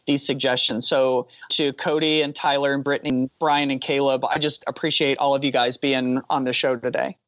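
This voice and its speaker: A man's voice: medium pitch, flat delivery, brisk, few pauses, a bit bright, dry recording, dull audio. A man co-hosting a podcast, chatting casually and thanking his guests. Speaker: podcast co-host. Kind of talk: interview wrap-up chat.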